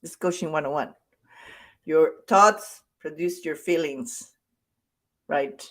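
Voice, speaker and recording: A woman coach delivers a conversational motivational talk in a fairly low voice. She is emphatic and returns to her key points to drive them home. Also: takes it slowly, a bit bright. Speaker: self-love coach.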